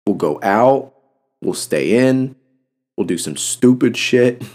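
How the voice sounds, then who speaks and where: A man's voice: mid-range voice, animated, slow, a little mellow. A young man hosting a solo podcast, talking bluntly and passionately with heavy cursing. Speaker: podcast host. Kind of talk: casual solo podcast talk.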